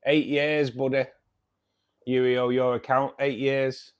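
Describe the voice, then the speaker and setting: A man's voice: mid-range voice, little pitch movement, takes it slowly, clean tone. A man hosting a casual livestream, chatting with viewers in a friendly, hesitant way, full of ums and calling people mate and buddy. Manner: hesitant, many ums and restarts. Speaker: aquarium channel host.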